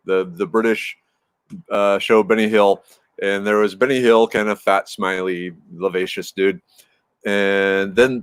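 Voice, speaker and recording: A man's voice: medium pitch, no room sound. A man in his fifties hosting a casual live stream, rambling and answering viewers' messages as they come in. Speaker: livestream host chatting with viewers.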